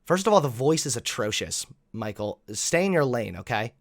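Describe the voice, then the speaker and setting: A man's voice: medium pitch, big pitch swings, moderate pace, no echo, clean studio sound. A man giving sarcastic, exasperated commentary while reacting to clips.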